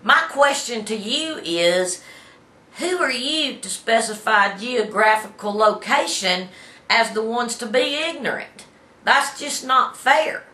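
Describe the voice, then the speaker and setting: A woman's voice: fairly high pitch, animated, measured pace, sharp tone, echoey room. A middle-aged woman from Alabama with a Southern accent, hosting a casual talk show from her office in a folksy, opinionated way, with many fillers and repeated words. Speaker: host.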